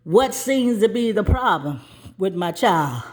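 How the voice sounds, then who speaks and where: A woman's voice: medium pitch, lively intonation, a little slow, voice pushed down, close to an everyday voice. Woman playing a fierce, commanding mother. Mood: stern. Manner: commanding, clipped and firm. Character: fierce no-nonsense mother, protective and stern.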